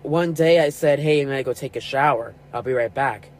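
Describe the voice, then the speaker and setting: A man's voice: medium pitch, a little fast, low-quality recording. A man in his twenties hosting a podcast, telling a personal story and acting out quoted arguments. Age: 20s. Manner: animated retelling with quoted dialogue. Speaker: podcast host.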